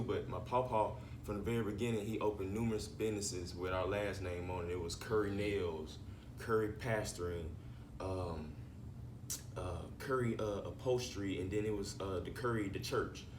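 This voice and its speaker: A man's voice: lowish voice, steady tone, moderate pace, reverberant, far from the mic, noisy background. A man, a rapper guest telling rambling, profane family stories in a casual interview. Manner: laid-back, profane, rambling storyteller.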